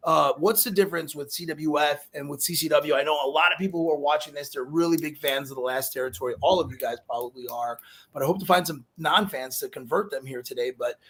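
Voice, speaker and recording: A man from Chicago hosts a live show in a loose, joking chat. He rambles and fills his talk with fillers. His voice sits a bit high for a man. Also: fast talker, fairly bright tone, husky. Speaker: host.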